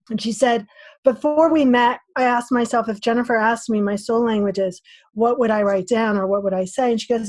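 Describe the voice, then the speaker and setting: Animated, high-voiced woman storyteller. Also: no room sound. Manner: animated storyteller acting out her own inner voice. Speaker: podcast guest. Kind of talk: casual interview talk.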